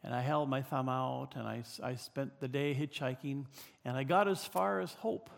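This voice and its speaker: An older man from British Columbia, Canada, telling a personal story in a halting way with many fillers and restarts. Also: mid-range voice, gravelly, in a large hall, a little hiss or hum.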